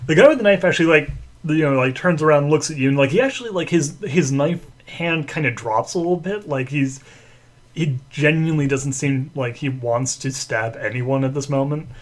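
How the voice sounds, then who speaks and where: A man's voice: a little high, normal speed. A man running a tabletop role-playing game as game master, talking casually and rambling with many fillers.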